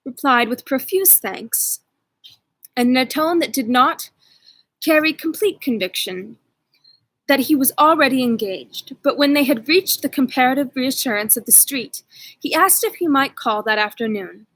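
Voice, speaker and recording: High, breathy woman reading a novel. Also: animated, moderate pace, fairly bright tone, dry recording, low-quality recording. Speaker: audiobook reader.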